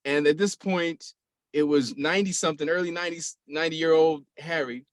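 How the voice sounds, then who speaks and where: A man's voice: a little high, a little fast, dry recording. Dry-sounding man telling a story on a call. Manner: animated, laughs often, trails off and restarts. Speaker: guest sharing memories. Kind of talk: casual storytelling on a video call. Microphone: video call.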